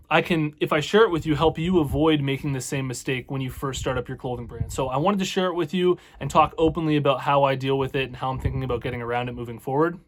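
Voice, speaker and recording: A Canadian man speaks in a slightly higher register with a Canadian accent. He hosts a casual vlog about running a clothing brand. His delivery is earnest and open, with easygoing "you know" fillers. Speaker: clothing brand owner and channel host. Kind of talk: casual business advice vlog.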